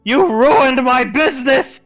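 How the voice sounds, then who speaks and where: A man puts on a frazzled penguin lady selling treats in a tabletop game, pitched up high and wailing in exasperation. Faint music runs underneath. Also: moderate pace, fairly bright tone. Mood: exasperated. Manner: shrill, exasperated outburst. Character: frazzled female penguin vendor.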